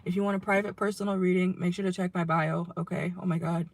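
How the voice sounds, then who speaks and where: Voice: medium pitch, level tone, quick pace, gravelly. A young adult tarot reader who is losing their voice, chatting casually to viewers from a car and often tagging a questioning "okay?" onto the end of phrases. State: losing voice, hoarse. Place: inside a car.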